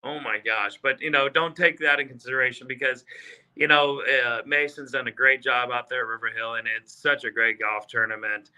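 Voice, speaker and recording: A man in his fifties from South Texas, a golfer guest telling stories in casual chat, animated and full of fillers, acting out quotes. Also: medium pitch, fairly quick, smooth. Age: 50s. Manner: animated storyteller, acts out quotes, many fillers. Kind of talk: casual storytelling.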